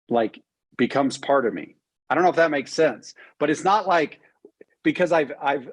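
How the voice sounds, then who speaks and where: A man hosting an interview over a video call from a cabin, talking with eager, excited energy and plenty of restarts. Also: medium pitch, slightly rough, no echo, low-quality recording. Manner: enthusiastic, with frequent restarts and fillers. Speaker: podcast host. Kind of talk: casual interview chat. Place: cabin home in Utah.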